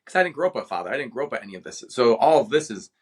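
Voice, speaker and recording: A male podcast guest from Cleveland with a mid-pitched voice recounts a personal story in a casual interview. He speaks with passion and lively storytelling energy. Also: very fast, breathy edge. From Cleveland, Ohio, USA. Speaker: guest author, retired veteran.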